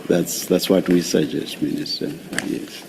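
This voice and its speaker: An older man chairing a formal hearing, speaking in a measured way with hesitant pauses. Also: low voice, flat delivery, creaky, noisy background. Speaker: commission chair.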